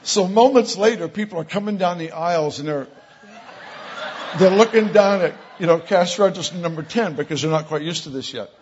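A man preaching, telling miracle stories in an animated storytelling way that grows loud on quoted lines. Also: sits high, brisk, a little hiss or hum. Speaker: pastor. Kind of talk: sermon storytelling. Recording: dull lo-fi sound.

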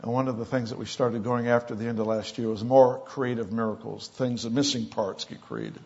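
A man preaching, telling miracle stories in an animated storytelling way that grows loud on quoted lines. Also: medium pitch, brisk, gravelly, slightly rough. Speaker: pastor. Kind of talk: sermon storytelling. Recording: dull lo-fi sound.

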